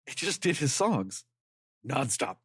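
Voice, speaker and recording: A man's voice: mid-range voice, sing-song, a little slow, a bit bright, husky, dry recording, clean studio sound. A man co-hosting a podcast, ranting in a heated, emphatic way and swearing freely. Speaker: podcast co-host. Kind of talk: casual podcast chat.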